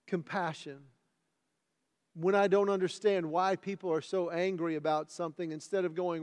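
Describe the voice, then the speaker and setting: Pastor, male, mid-high voice, earnest sermon delivery with loud and soft swings, church hall reverb. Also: fairly even intonation, moderate pace, smooth. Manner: earnest, swings from loud emphatic scripture reading to hushed tender asides. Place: church sanctuary.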